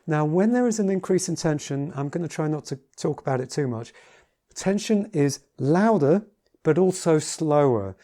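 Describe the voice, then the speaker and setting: Halting man teaching piano, mellow voice. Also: fairly high pitch, lively intonation. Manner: halting, repeats words, many fillers. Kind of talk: casual spoken tutorial. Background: piano playing between remarks.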